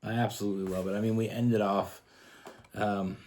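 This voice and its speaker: A man's voice: on the low side, brisk, darkish tone. A man from Canada giving a casual tarot love reading, earnest and rambling with frequent restarts. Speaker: tarot reader.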